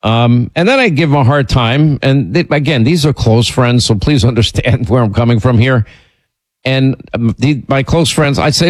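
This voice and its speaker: A middle-aged man hosting a radio show, telling stories in a rambling, animated way and jumping up in pitch when he gets indignant. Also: normal speed, no room sound. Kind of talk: casual on-air storytelling.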